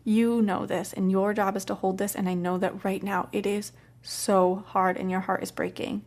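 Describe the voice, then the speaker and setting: A woman hosting a parenting podcast who tells a coaching story in a calm, gentle, soft-spoken way. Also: mid-range voice, normal speed. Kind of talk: casual storytelling.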